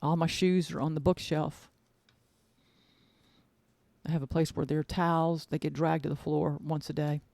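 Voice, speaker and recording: A woman's voice: sits low, little pitch movement, normal speed, vocal fry, pauses often, darkish tone, dry recording. A woman hosting her own podcast as an author, chatting casually in a gushing, rambling way and repeating words for emphasis. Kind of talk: casual chat.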